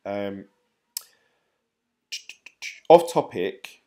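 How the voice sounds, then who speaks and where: A middle-aged man with a somewhat low voice, talking loosely on a live stream. He drifts between thoughts and fills gaps with plenty of "um"s as he answers his viewers. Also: measured pace, long pauses, warm tone. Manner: rambling and chatty, with frequent "um". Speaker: crypto YouTuber, live-stream host. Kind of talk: casual live-stream chat, reading viewer comments.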